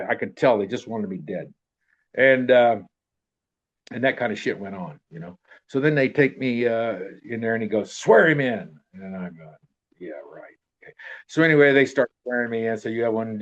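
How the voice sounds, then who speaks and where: An older man in his seventies telling a long personal story in a rambling, profane way, acting out what people said. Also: lowish voice. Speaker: interviewee telling a life story. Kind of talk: casual spoken anecdote. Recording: dull, muffled lo-fi recording.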